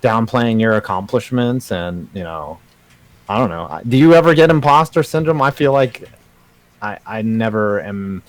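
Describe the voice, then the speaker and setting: A man's voice: on the low side, lively intonation, normal speed, no room sound. A young man co-hosting a livestream in casual, rambling chat. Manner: rambling, restarts, jokey. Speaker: co-host.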